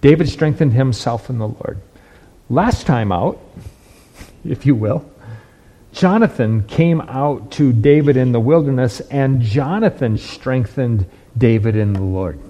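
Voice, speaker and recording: Husky-voiced male preacher, emphatic. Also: medium pitch, animated, measured pace, mellow. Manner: emphatic, checks in with "right?" and "okay?"; repeats and restarts words while building points. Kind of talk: sermon.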